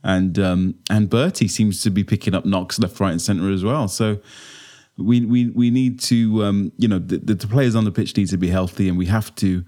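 Man, podcast co-host, casual, halting, restarts a lot, lowish voice. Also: fairly even intonation, dark tone. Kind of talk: casual fan podcast chat.

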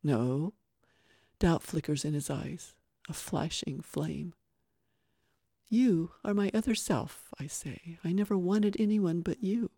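Man, story podcast reader, higher mellow voice, gentle expressive delivery, dry sound. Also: slow, gravelly, no echo. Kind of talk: reading a novel excerpt aloud.

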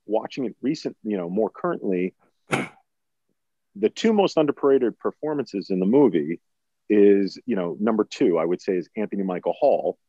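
Podcast co-host, forties, low warm voice, dry lo-fi sound; thoughtful and long-winded. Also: male voice, animated, moderate pace, no echo. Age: 40s. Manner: thoughtful, builds long points with restarts. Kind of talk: casual film discussion. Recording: dull lo-fi sound.

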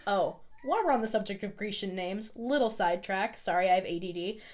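Young female co-host, chatty and quick to laugh, medium pitch. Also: lively intonation, slight background noise. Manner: giggly, chatty, often acts out quoted lines. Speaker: podcast co-host. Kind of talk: casual chat.

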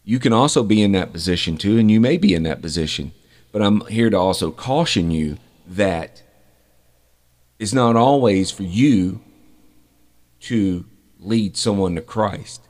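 A middle-aged man hosting a podcast, telling a faith story from his fire service days in an earnest, unhurried way. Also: fairly low pitch, animated, a little mellow. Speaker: podcast host. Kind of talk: faith testimony, podcast monologue.

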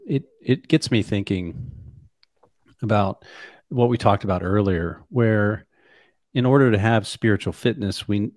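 A man hosting a podcast, reflecting in a measured way and asking thoughtful follow-up questions. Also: on the low side, no room sound, studio quality. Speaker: podcast host. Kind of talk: interview conversation.

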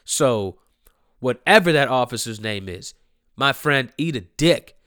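A man's voice: medium pitch, animated, measured pace, fairly bright tone, smooth, no room sound, clean studio sound. A man ranting angrily and bluntly, repeating himself and swearing freely. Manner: angry, blunt, repetitive, profane. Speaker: commentator. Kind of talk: profane ranting commentary.

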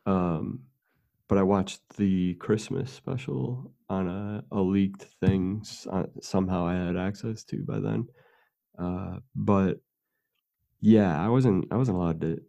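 This is a man with a deep, gravelly voice and a mellow, dark tone. He tells his stories in a casual, rambling way, full of fillers and asides. The recording sounds slightly dull and lo-fi. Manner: rambling storytelling with laughs and fillers. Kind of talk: casual conversation.

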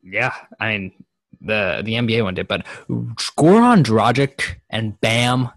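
A man's voice: lowish voice, animated, takes it slowly, creaky, a bit bright, no echo, studio quality. A young man from New Jersey co-hosting a podcast, talking casually about basketball in a laid-back, joking way with casual swearing. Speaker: podcast co-host. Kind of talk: casual sports chat.

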